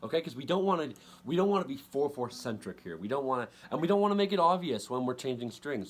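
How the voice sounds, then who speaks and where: A man giving a casual guitar lesson, talking in halting bursts with many restarts and counting beats aloud. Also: medium pitch. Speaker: guitar teacher. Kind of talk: casual instructional talk over guitar playing. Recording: loud guitar playing behind the voice.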